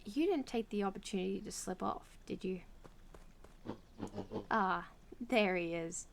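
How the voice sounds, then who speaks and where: An Australian woman with a medium-pitched voice and vocal fry gives a gloating, sneering performance as a cruel, pompous old male bird villain in a storybook game. Her delivery is theatrical, slow and grand, with a little hiss or hum on the recording.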